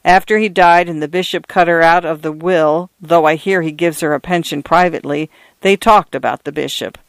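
A man's voice: on the high side, steady tone, moderate pace, gravelly, no echo. A man voicing a weary, dry-spoken parish priest of fifty-nine in a read-aloud story. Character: weary 59-year-old male parish priest, dry and glum.

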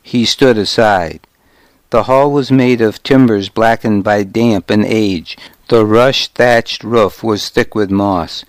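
A man narrating a historical novel in the first person, with measured, steady storytelling. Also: on the low side, dry recording. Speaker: audiobook narrator.

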